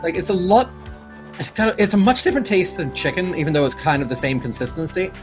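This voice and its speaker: A man co-hosting a casual gameplay chat, animated and quick to swear, with sudden jumps in pitch when excited. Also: faint music behind. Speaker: gaming co-host.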